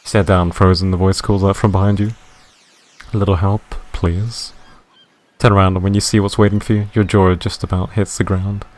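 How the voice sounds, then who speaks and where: A man streaming a game live, reading its narration in a deadpan way and chatting with viewers. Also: low voice, fast talker, few pauses.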